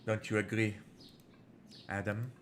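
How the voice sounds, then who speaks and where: A man voicing a bitter male villain, speaking slowly in a cold, low tone. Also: level tone, a little hiss or hum, natural voice.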